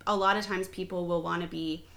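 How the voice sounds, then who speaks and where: A woman with a Canadian accent talks through a topic as a podcast guest. Her voice is bright and forward. She explains at length in a measured way, pausing on fillers and restarting phrases. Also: lowish voice, fairly even intonation, creaky.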